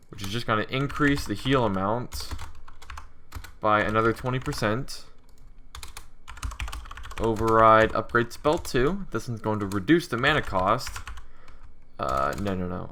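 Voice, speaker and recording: Low-ish bright-voiced guy rambling through his game code, lots of ums. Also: animated, unhurried, a little hiss or hum. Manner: thinks aloud with many fillers. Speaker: indie game developer. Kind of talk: casual coding walkthrough.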